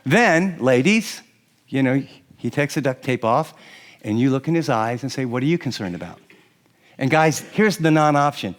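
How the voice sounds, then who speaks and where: A middle-aged man preaching on marriage, lively and laughing often as he acts out what husbands and wives might say. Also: a little high, unhurried, pauses often. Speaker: pastor. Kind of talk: sermon on marriage to a live audience.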